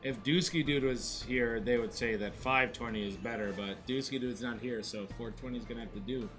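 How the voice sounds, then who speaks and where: A man co-hosting a slot stream, chatting casually with rowdy, profane excitement and hyping up the chat. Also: mid-range voice, brisk, faint music behind.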